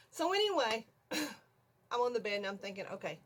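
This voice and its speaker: An older woman vlogger telling a story in a casual, animated way from her home video room, often checking in with "okay?". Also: fairly high pitch, moderate pace.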